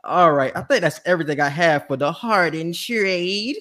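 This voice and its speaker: A young man hosting a casual sports chat, animated and slangy, often laughing. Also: a little high, normal speed. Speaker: podcast host.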